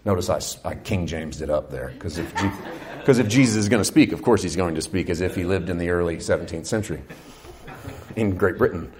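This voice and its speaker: A man preaching a sermon, animated and swinging from loud, urgent passages to hushed ones, acting out quoted voices and putting questions to the congregation. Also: low-pitched, brisk, a crowd in the background.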